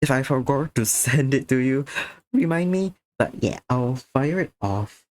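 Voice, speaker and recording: A man's voice: mid-range voice, animated, unhurried, a little mellow, no room sound. A tired man chatting to viewers during an art stream, a little sick, drowsy and slurring slightly. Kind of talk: casual stream chat while drawing.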